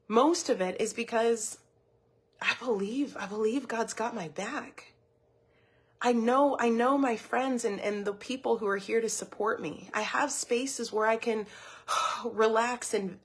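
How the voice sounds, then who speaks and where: A woman's voice: fairly high pitch, slightly rough. A woman giving a motivational teaching talk as a wellness coach, earnest and personal, often repeating words as she thinks.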